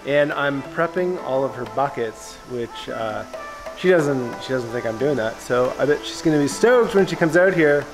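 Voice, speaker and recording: A mid-pitched man chats casually on a farm vlog, upbeat and encouraging with a teasing edge. Clear music runs underneath his voice. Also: expressive, normal speed. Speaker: farmer, sells at the market.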